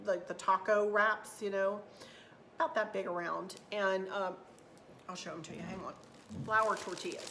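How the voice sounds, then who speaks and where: A middle-aged woman with a drawl chats off the cuff to her channel, looping back and repeating her words. Her voice sits at an ordinary middle pitch. A faint hum of room noise runs under her talk. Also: a bit bright. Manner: rambling, repeats herself, southern turns of phrase. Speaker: craft channel host. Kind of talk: unscripted casual vlog talk.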